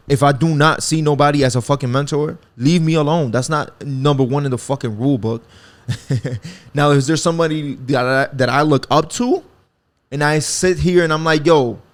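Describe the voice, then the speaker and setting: Profane rambling Bronx podcaster man. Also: medium pitch. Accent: New York. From the Bronx, New York. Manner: profane, rambling, frequent restarts and slang. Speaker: podcast host. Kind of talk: casual solo podcast monologue.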